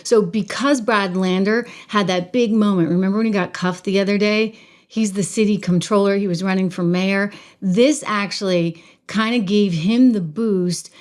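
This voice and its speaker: A middle-aged woman hosts a political commentary show in a conversational monologue. She speaks at a middle pitch and presses hard on her points, turning to the viewers as if they were in the room. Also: darkish tone. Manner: emphatic, conversational, addresses viewers directly. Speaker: show host.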